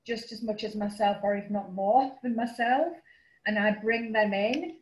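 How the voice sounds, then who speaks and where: A middle-aged woman with a Yorkshire accent, a finance broker talking casually about her background, with frequent ums. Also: medium pitch. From northern England. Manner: chatty, frequent um fillers, quick asides. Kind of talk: casual webinar presentation. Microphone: video call. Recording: roomy, dull lo-fi call audio.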